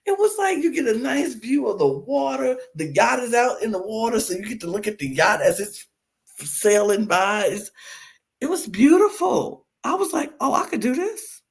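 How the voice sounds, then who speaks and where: A man's voice: moderate pace, gravelly. A man co-hosting a podcast, chatting casually about a reality show and acting out quotes with big swings and laughs. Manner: animated, acts out quotes with big pitch jumps and laughs. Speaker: podcast co-host. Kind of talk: casual reality TV recap chat.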